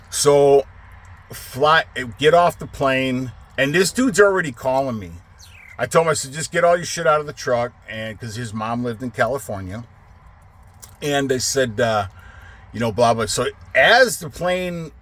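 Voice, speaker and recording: A man's voice: mid-range voice, a bit bright. A middle-aged man who runs a trucking business, casually telling a long story, rambling and swearing, getting heated as he retells it. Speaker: trucking company owner.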